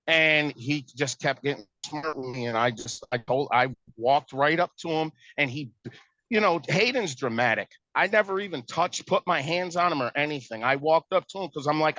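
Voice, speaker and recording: A man's voice: fairly high pitch, moderate pace, sharp tone, dry recording. A man telling a family argument in casual, exasperated storytelling, acting out what was said. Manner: exasperated, retells arguments with quoted dialogue. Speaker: stepparent telling a family conflict. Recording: dull lo-fi dry recording.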